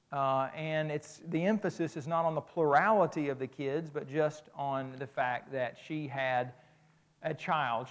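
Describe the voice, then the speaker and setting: A middle-aged man preaching a conversational, emphatic sermon lecture, often restarting his phrases. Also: on the high side.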